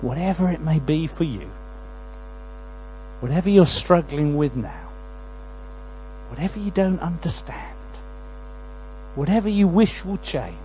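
A male preacher delivers his sermon in a somewhat high voice. He drops to near-whispered prayer lines, then builds to loud, urgent pleading. A faint electrical hum sits under the recording. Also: lively intonation, measured pace, pauses often, low-quality recording.

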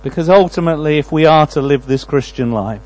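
A man preaching a sermon, moving between quiet prayerful lines and loud, pleading passages. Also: a little high, fairly quick, low-quality recording.

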